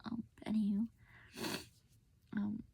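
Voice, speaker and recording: A woman's voice: medium pitch, flat delivery, takes it slowly, creaky, mellow, breathy edge, no room sound. A young woman telling a personal story in a casual, venting way, often dropping to a whisper and close to tears. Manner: casual, venting, many fillers, drops to whispers. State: tearful.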